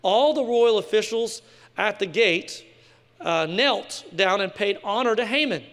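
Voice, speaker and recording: Very high-voiced man preaching in a hall. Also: animated, unhurried, a bit bright. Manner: casual, joking preaching with slang asides. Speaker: pastor. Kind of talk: sermon. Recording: long hall reverb.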